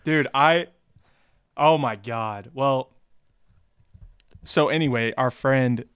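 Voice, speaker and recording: A man's voice: medium pitch, takes it slowly, fairly bright tone, smooth, no room sound, clean studio sound. A young man, co-host of a podcast, telling a rowdy story in casual chat, swearing and laughing as he goes.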